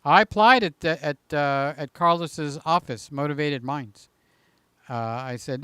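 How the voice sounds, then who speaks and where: An older man hosting a casual live stream, joking and teasing, swinging between loud bursts and quiet asides. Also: fairly high pitch, a little slow, clear, resonant tone, no echo, studio quality.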